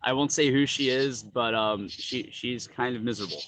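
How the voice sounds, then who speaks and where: Animated man telling stories, lots of "like". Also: medium pitch, moderate pace, poor audio. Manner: animated storyteller, lots of "like" and "dude". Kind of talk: casual chat.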